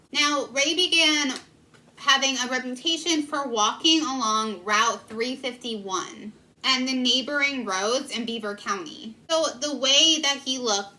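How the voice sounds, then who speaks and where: A woman's voice: fairly high pitch, sharp tone, slight background noise, poor audio. A young woman in her twenties, a vlogger telling a local legend in a casual, earnest and emotional way. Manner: earnest, emotional, filler-heavy. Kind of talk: casual storytelling.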